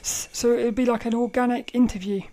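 A woman hosting a casual solo podcast, telling a story in a rambling, animated way, often laughing and restarting her sentences. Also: on the high side, a little fast. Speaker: podcast host.

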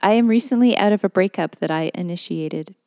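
A woman's voice: fairly low pitch, fairly quick, warm tone, no echo. A middle-aged woman co-hosting a podcast in casual chat, with dry, teasing humor. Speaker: podcast co-host.

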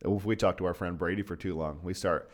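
A man's voice: low voice, fairly even intonation, fast. A man co-hosting a casual podcast chat on Christian leadership, earnest, laughing easily and restarting his sentences. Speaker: podcast co-host.

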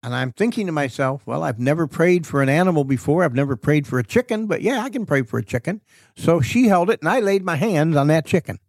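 A man who preaches, telling a story in a casual interview and acting out the dialogue with lively rises in his voice. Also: a little high, fast, no echo. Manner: animated storyteller, acts out quoted dialogue. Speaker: preacher and author guest.

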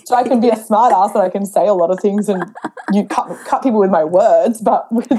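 A young pregnant woman telling stories as a podcast guest in a casual, animated way, acting out her own past dialogue. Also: mid-range voice, a little fast, slight background noise. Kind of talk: casual interview chat.

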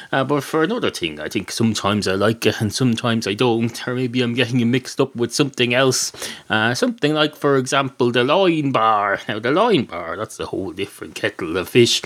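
A man with an Irish accent hosting a podcast, telling a rambling, deadpan comic monologue full of swearing and digressions. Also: medium pitch. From Ireland. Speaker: podcast host.

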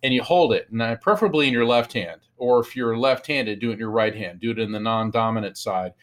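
Animated male storyteller, lively delivery. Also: medium pitch, fast talker. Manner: animated storyteller, acts out quotes in raised voice. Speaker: psychic medium, author. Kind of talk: storytelling interview guest.

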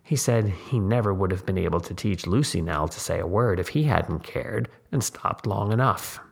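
A man reads a short story aloud in a measured, deliberate way. His voice is low and gravelly, with a husky edge. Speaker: narrator. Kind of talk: story reading.

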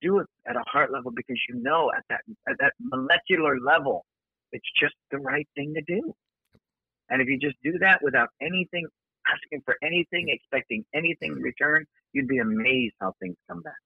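A man guests on a podcast and speaks earnestly and encouragingly, rattling along quickly. His voice has a gravelly texture. It comes through a tinny, narrow, phone-like line. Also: a little high, expressive, no room sound. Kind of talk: casual podcast chat.

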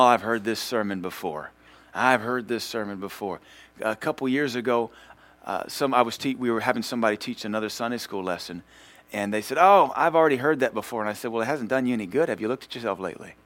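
A man's voice: mid-range voice, no echo. A man preaching a sermon as pastor in a church, emphatic and teasing, building points with rhythmic repetition.

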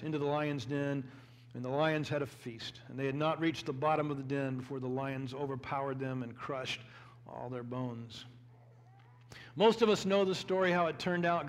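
A male pastor with a notably high voice delivers a sermon, reading scripture between his points. He speaks earnestly, often repeats words as he restarts a thought, and pushes into louder, emphatic stretches. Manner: builds to a louder, emphatic preaching pitch.

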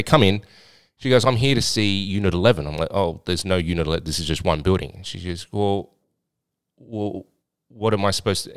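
An Australian podcast host who owns a swingers club tells a story in a rambling, blunt way, with some swearing, in a casual chat. His voice is deep, clear and resonant. The recording is dry and studio quality.

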